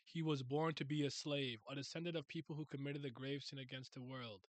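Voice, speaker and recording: A man reading aloud as a cruel, cold male elder of a world government, speaking slowly and with quiet menace. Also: mid-range voice, steady tone, no room sound, voice pushed down, lightly acted. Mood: cold, menacing.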